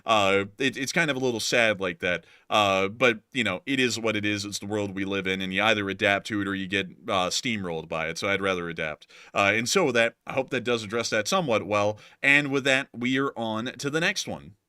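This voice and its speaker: A man's voice: fairly low pitch, fairly quick, hardly any pauses, bright, forceful tone, clean tone, no echo, clean studio sound. A young man from the American South with a light, mostly neutral accent, hosting a live stream in chatty, rambling talk full of fillers. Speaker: host.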